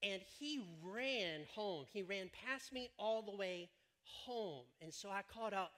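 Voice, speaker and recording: A man's voice: high voice, normal speed, sharp tone. A man preaching a sermon from a church stage, telling stories in a joking, rambling way. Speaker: pastor.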